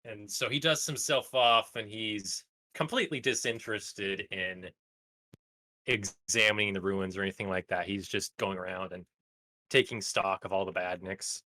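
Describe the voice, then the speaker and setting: Bright-voiced, laughing game master. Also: male voice, on the low side, moderate pace, dry recording. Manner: laughs often, relaxed. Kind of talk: narrating a tabletop game.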